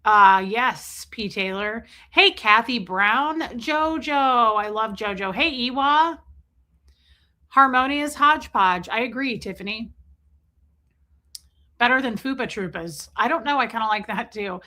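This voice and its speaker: A woman chats casually on her livestream, greeting viewers by name and joking between greetings. Her voice is bright and forward. It sits a little on the high side. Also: lively intonation, unhurried. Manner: chatty and joking, reading out viewer names. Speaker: livestream host.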